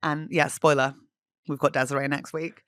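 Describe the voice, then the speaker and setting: A woman's voice: sits low, little pitch movement, moderate pace, fairly bright tone, smooth. A woman hosting a podcast in casual chat, swearing freely and laughing at herself. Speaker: podcast host.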